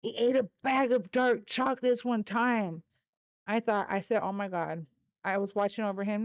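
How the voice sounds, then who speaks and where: Chatty woman with a smooth voice. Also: on the high side, expressive, measured pace, no room sound, muffled recording. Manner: chatty and rambling, laughs often, swears casually; coos baby talk at her dogs. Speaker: livestream host. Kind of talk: casual chat.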